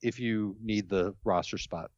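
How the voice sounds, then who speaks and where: A man on a sports chat panel, confidently laying out a steady argument. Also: lowish voice, a little slow, no room sound, muffled recording. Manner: confident, making a steady case.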